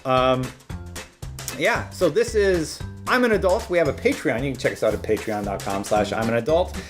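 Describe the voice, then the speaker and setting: A man co-hosting a casual chat show, telling a story in an animated way and laughing as he retells it. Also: medium pitch, normal speed, faint music behind. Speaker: co-host.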